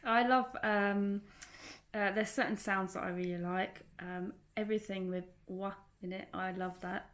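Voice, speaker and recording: A woman's voice: mid-range voice, steady tone, a little slow, a bit bright. Woman vlog co-host, casual chat, lots of fillers and laughs. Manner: chatty, laughs often, many fillers and restarts. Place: home in rural France.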